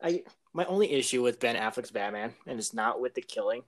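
A young man co-hosting a casual podcast, speaking in a relaxed, easygoing way. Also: medium pitch, a little fast. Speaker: podcast co-host. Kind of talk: casual chat.

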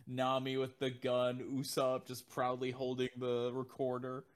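A man co-hosting a fan podcast, chatting in an animated way with frequent laughs and acted-out quotes. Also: mid-range voice, a little slow. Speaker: podcast co-host. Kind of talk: casual podcast chat.

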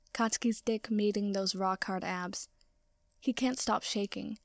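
A woman narrating a story aloud in a soft, slow voice that often drops to a whisper. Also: medium pitch, no room sound, clean studio sound. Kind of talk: reading fan fiction aloud.

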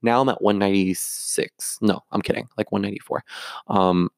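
Gravelly-voiced young man, candid vlog confession. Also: fairly low pitch, fairly even intonation, normal speed, dry recording, studio quality. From Florida. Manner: candid, rambling, with many fillers and restarts. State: close to tears at moments. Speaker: actor and vlogger.

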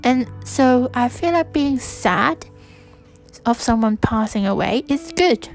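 A young woman from Hong Kong talks through a personal reflection in a soft, hesitant way, often stopping and restarting. Her voice sits a little high and she speaks slowly. Faint music plays underneath. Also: lively intonation, low-quality recording. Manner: soft-spoken, hesitant, with frequent restarts and fillers. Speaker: podcast host.

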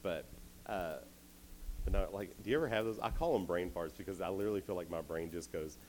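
A somewhat tired man, speaking at a youth camp, delivers a casual sermon in an indoor meeting hall, chatting through self-deprecating stories. His voice is low and darkish in tone, and he talks briskly. There's slight background noise, and the recording is rough.

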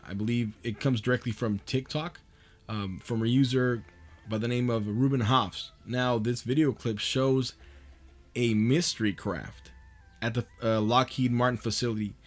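A man's voice: mid-range voice, steady tone, normal speed. A man hosting a podcast in a loose, profane monologue, laughing often as he talks. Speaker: podcast host.

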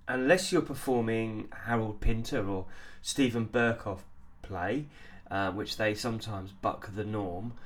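A man giving a drama lesson, talking haltingly with many ums and restarts. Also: fairly low pitch, a bit bright. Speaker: acting teacher.

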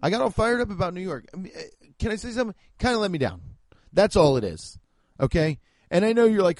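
A man's voice: high voice, big pitch swings, fairly quick, darkish tone, no room sound. A young man ranting in a comic, profane, fired-up way, talking into a close mic. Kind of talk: comic rant.

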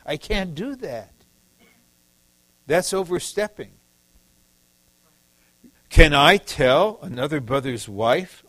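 A man's voice: fairly high pitch, sing-song, slow, long pauses, fairly bright tone, no echo, rough recording. A man from the Detroit area preaching a sermon, emphatic and repetitive, acting out short quoted lines. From Detroit area, USA.

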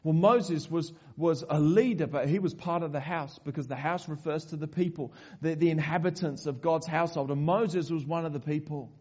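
A man preaching a sermon as a pastor, conversational and animated, with frequent asides and repetitions. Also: a little high, moderate pace, few pauses, breathy edge, lo-fi sound.

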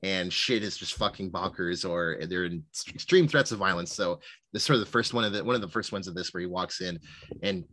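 Fast-talking bright-voiced podcast man. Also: low voice, lively intonation, no room sound. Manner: rambling, lots of fillers and retold movie lines. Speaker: podcast co-host. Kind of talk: casual film discussion.

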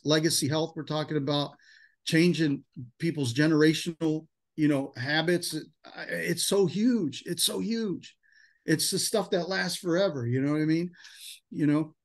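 A man leading a sales team, giving an emotional, hype-filled motivational talk in a casual style full of "man" and "dude". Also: a little high. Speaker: insurance sales team leader.

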